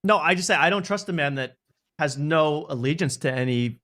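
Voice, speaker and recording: A man's voice: on the high side, a little fast, a bit bright. A man co-hosting a casual podcast, joking and laughing between lines.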